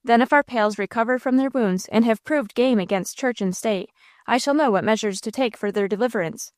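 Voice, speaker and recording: A woman's voice: fairly high pitch, a little fast, no echo, clean studio sound, lightly acted. A woman voicing a bold, blustering male robber captain who gives orders to his gang. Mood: commanding. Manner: blustering, rousing, theatrical.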